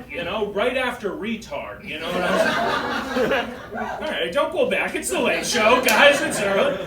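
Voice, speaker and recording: Young male stand-up, Massachusetts accent, brash and animated, voice sits high, roomy stage sound. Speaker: stand-up comedian. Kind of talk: stand-up set. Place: comedy club stage. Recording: roomy club sound from far off with audience noise. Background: audience laughter.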